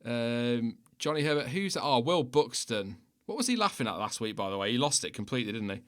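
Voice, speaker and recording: A British man hosts a casual livestream chat at an ordinary middle pitch. He talks in a loose, rambling way, pokes fun at himself and breaks into laughs often. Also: animated, brisk, a bit bright. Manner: chatty and self-mocking, laughs often. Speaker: livestream host.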